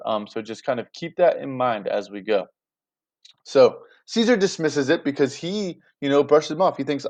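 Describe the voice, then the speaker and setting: A man's voice: medium pitch, lively intonation, moderate pace, darkish tone. A man teaching a class in a casual, chatty way, often checking in with his students. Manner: chatty, checks in with "right?" and "you guys".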